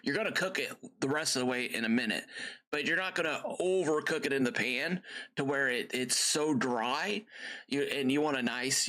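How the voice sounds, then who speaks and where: A man's voice: mid-range voice, pushed and bright. A middle-aged man hosting a livestream, chatting casually in a rambling, friendly way with many fillers and side stories. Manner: gives friendly step-by-step cooking tips to viewers. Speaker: gaming livestream host. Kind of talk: casual chat.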